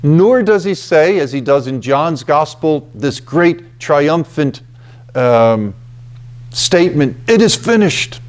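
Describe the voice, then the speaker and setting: Slow, deliberate man giving a scripture talk. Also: fairly high pitch, expressive. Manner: deliberate, emphatic, with frequent "okay" and "you know". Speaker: retreat house presenter.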